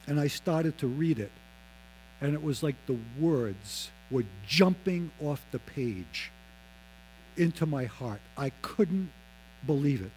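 A man in his fifties telling a personal faith testimony, acting out the voices of others and dropping low and slow on solemn lines. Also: dark tone, slight background noise, poor audio. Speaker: speaker giving his testimony.

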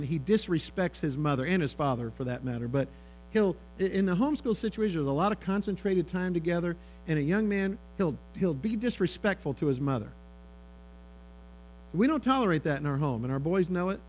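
Animated middle-aged male speaker. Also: sits high, rough recording. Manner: conversational, animated storytelling with quoted dialogue. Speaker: speaker on fatherhood. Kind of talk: sermon-style talk to parents. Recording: faint electrical hum.

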